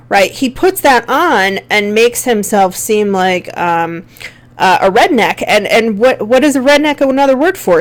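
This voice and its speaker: A woman from Buffalo with a Western New York accent, giving a conversational recorded college lecture on a play, with frequent fillers. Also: on the high side. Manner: conversational, many fillers, reads examples aloud. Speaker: college English teacher.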